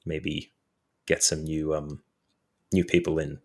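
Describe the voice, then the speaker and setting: A man's voice: very deep voice, little pitch movement, takes it slowly, darkish tone, breathy edge. A man co-hosting a casual gaming podcast, talking through his opinions at length. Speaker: podcast co-host.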